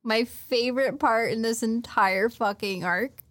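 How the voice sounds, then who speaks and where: A woman's voice: fairly high pitch, measured pace. A woman co-hosting a casual podcast, teasing and blunt, laughing often and swearing casually while recapping an anime. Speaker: podcast co-host.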